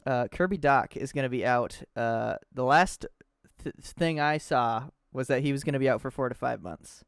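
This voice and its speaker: Laid-back young man, smooth clear voice. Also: mid-range voice, normal speed, dry recording, studio quality. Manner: laid-back, says "dude" often. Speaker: podcast co-host. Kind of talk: casual chat.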